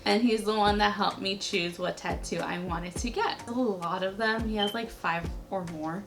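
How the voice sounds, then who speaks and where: A woman's voice: medium pitch, moderate pace, soft background music. A young adult woman vlogger telling a personal story to camera in a casual, chatty way, leaning heavily on "like" as a filler.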